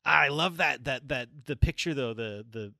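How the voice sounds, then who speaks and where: Chatty animated man co-hosting a podcast. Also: mid-range voice, moderate pace, creaky, no echo, studio quality. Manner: animated, chatty, many fillers and restarts. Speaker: podcast co-host. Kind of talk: casual chat.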